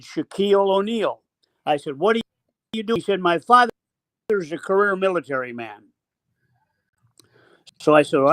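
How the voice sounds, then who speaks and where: A man's voice: high-pitched, no room sound, poor audio. Older male coach telling a story. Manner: halting, broken-up phrasing. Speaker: basketball coach, guest. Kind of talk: anecdotal storytelling.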